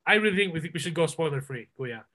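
A man's voice: fairly high pitch, expressive, fast, bright, forceful tone. A man hosting a casual movie podcast, rambling enthusiastically with lots of fillers and restarts. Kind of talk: casual movie review chat.

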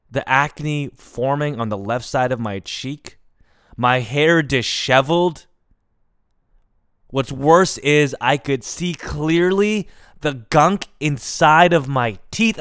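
Animated, profane man with a crisp voice. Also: a little high, no room sound, studio quality. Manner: animated, profane, prone to tangents. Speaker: podcast host. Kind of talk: solo comedic storytelling.

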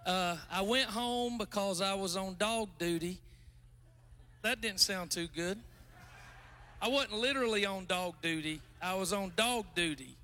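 High, bright-voiced joking preacher man. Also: unhurried. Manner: chatty, self-mocking, bursts into loud exclamations. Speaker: guest pastor. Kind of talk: casual joking sermon.

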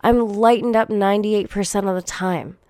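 A woman's voice: medium pitch, steady tone, normal speed, warm tone, no echo. A young woman hosting a solo podcast, venting bluntly and profanely while coming down with a cold. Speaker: podcast host.

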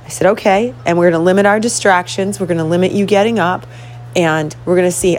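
Speaking fairly quickly in a lowish voice, this middle-aged host and coach recounts a story with earnest, motivational energy, voicing both people in the exchange. There's slight background noise.

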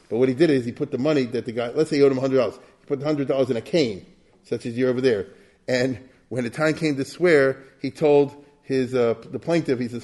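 A man's voice: mid-range voice, steady tone, a little fast, a little mellow. A man giving an informal history lecture, telling it as a story, acting out quotes and dropping in Yiddish and Hebrew terms. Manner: storytelling, acts out quotes, asks the listeners "you get it?".

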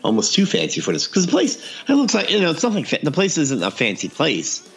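A man's voice: a little high, wildly swooping pitch, fairly quick, vocal fry, slightly rough. A man casually telling a funny story on a podcast, acting out the dialogue and laughing often.

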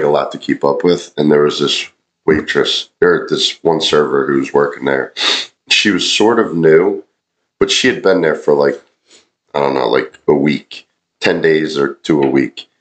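A man, a podcast host and former sous chef, telling animated stories with lots of swearing. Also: very deep voice, normal speed. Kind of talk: casual storytelling.

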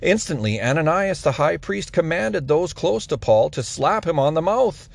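A man reads scripture aloud in a gravelly voice that sits a little high for a man. He keeps a steady, even pace from line to line. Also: normal speed, dry recording. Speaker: Bible reader. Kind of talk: scripture reading.

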